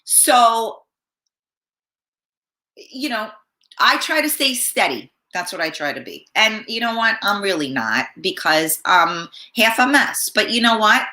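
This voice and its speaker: Hoarse, blunt, cursing woman host. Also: medium pitch, big pitch swings, measured pace, pushed and bright, reverberant. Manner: blunt and profane, rambling. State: hoarse, clearing her throat. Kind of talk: casual chat.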